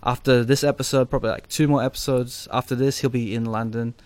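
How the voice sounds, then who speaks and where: A man's voice: mid-range voice, fairly even intonation, quick pace. A man co-hosting a casual podcast chat, hesitant and full of fillers as he explains things. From Australia. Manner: hesitant, many fillers and restarts. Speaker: podcast co-host.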